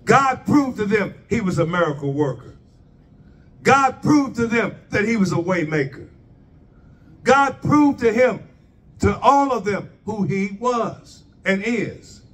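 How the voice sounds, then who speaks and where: A man preaching a sermon in a high, unhurried voice, asking rhetorical questions of the congregation. He sounds set back from the microphone. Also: animated, a bit bright, distant mic.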